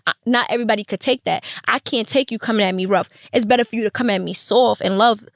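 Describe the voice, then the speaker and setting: A young woman hosting a podcast, telling her story in a casual, animated and profane way, often acting out the voices of others. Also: on the high side, fast talker, no echo, clean studio sound. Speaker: podcast host.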